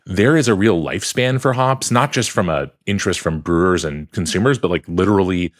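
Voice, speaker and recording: A man's voice: low-pitched, lively intonation, fairly quick. A man co-hosting a podcast from a hotel room, talking in a thoughtful, rambling way with restarts. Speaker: podcast co-host. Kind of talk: casual chat.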